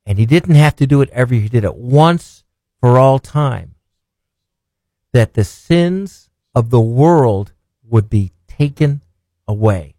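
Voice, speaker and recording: A man's voice: mid-range voice, lively intonation, unhurried, dark tone, no echo. Earnest male preacher, dry close sound. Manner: earnest, emphatic preaching with rhetorical questions. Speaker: preacher and broadcast host. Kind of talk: sermon with scripture reading.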